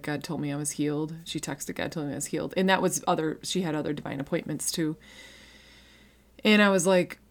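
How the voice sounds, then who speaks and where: A woman in her thirties sharing an emotional personal faith testimony, earnest and conversational, with frequent restarts and fillers. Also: sits low. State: emotional, near tears.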